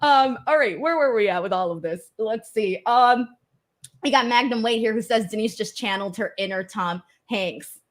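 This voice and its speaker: A woman's voice: fairly high pitch, normal speed. A young adult woman hosting a casual chat show, laughing often and reading out viewer comments. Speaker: host.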